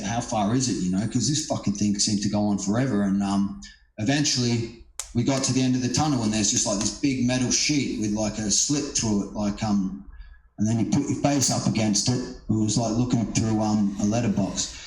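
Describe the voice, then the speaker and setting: A man's voice: lowish voice, fairly even intonation, fairly quick, a little mellow. A middle-aged man, a stand-up comedian, telling a story in a casual, rambling way, with lots of swearing, fillers and restarts. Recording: roomy echo.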